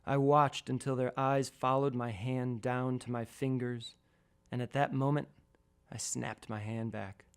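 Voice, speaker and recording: A man calmly reading his own first-person radio essay, measured and a little wry. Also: medium pitch, smooth. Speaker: storyteller.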